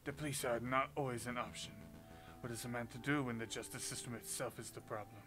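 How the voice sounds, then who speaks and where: A man's voice: mid-range voice, fairly even intonation, fast talker, over music, lightly acted. Man as a shrewd falcon lawyer, blunt, firm, matter-of-fact, visual novel voice. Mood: probing. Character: shrewd, blunt older male falcon attorney.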